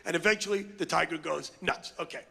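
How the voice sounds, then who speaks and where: A middle-aged man doing a brash, crude, ranting stand-up comedy routine on stage, with loud outbursts. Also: a little high, brisk, creaky. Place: comedy stage before a live audience.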